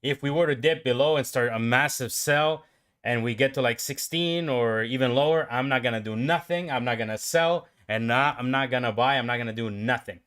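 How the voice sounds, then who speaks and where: A man giving live trading commentary on his own stream, talking to himself and his viewers and swinging from calm explaining to excited outbursts. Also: medium pitch, fairly quick, clear, resonant tone. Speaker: livestream day trader.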